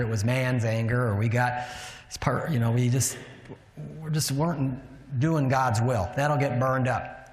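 A man's voice: medium pitch, a little hiss or hum. A man preaching a sermon, teaching in a conversational way and putting rhetorical questions to the room. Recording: echoey hall with long reverb.

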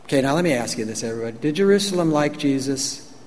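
A man's voice: mid-range voice, quick pace, a little mellow. A man preaching a conversational sermon, folksy and emphatic, often asking the congregation questions. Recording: long hall reverb, faint ambient noise.

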